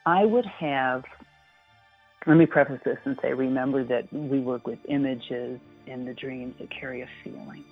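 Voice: medium pitch, normal speed, breathy edge. A guest reminiscing fondly in an interview, smiling and laughing often while speaking. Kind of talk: personal interview conversation. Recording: tinny phone-line audio with faint music.

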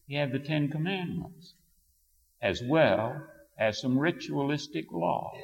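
Male preacher, emphatic, lively pitch swings, long reverb of a church hall. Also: slow, gravelly, lo-fi sound. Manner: emphatic, rising to forceful declarations. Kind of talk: sermon with scripture reading.

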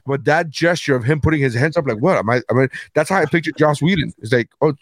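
A man's voice: a little high, quick pace, dry recording. A man co-hosting a casual comedy podcast, telling stories and acting out the people in them, swearing often. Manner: storytelling, acts out quoted people, swears often. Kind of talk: casual chat.

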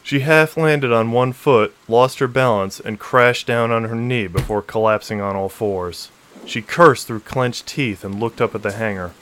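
This is scripted narration of a science-fiction novel by a man working as an audiobook narrator. He reads steadily and in measured fashion, with a mid-range voice.

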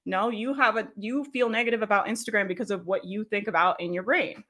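A woman's voice: a little high, a little fast, few pauses, bright, forceful tone. A woman coaching a casual live workshop, chatty, laughing often and checking in with "right?". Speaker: business coach leading a workshop.

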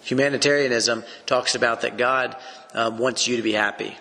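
A man's voice: mid-range voice, fairly even intonation, normal speed, vocal fry, bright, forceful tone, big-room sound. A man teaching through a Bible passage on a podcast. He speaks earnestly in a preacherly way and poses rhetorical questions.

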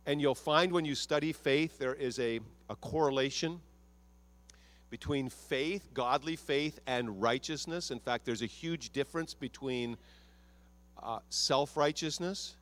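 A man preaches a sermon as pastor of a church, speaking in a mid-range voice. He's animated, acting out prayers and quotes in his own voice.

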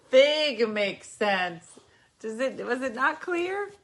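Slow, lively New Jersey woman. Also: high-pitched, a little hiss or hum. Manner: chatty, talks sing-song to her dogs. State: tipsy. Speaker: podcast host. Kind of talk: casual chat.

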